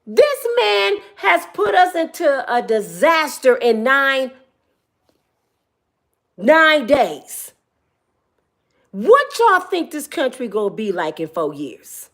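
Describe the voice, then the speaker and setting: Animated high-voiced woman, impassioned rant. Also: measured pace, creaky, hardly any pauses. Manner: emphatic, preachy, repeats words for stress. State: tearful. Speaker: commentary vlogger. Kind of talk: impassioned commentary monologue.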